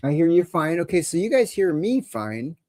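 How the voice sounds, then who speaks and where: A man's voice: on the high side, very animated, moderate pace, warm tone, dry recording. A man hosting a live call-in show, chatting casually and rambling with crude jokes while he struggles with technical problems. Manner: rambling and crude, joking through technical trouble. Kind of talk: casual livestream chat.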